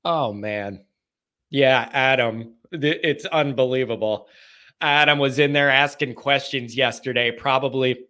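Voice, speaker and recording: Bright, animated man hosting a call-in show. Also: medium pitch, a little slow. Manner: animated, joking, slangy. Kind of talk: casual chat. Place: home basement.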